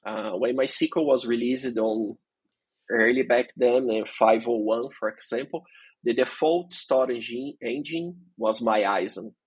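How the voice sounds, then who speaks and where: Husky-voiced guy walking thru tech stuff slowly, patient, guest on an interview. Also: medium pitch, no echo, poor audio. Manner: patient, step-by-step explaining. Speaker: guest database expert. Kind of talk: technical interview talk.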